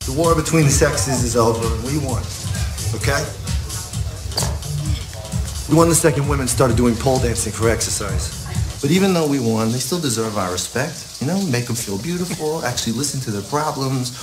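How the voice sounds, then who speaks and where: A man's voice: medium pitch, lively intonation, normal speed, music in the background, lightly acted. A man playing a brash young ladies' man. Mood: cocky. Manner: brash, lecturing. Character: smooth cocky young ladies' man coaching another man.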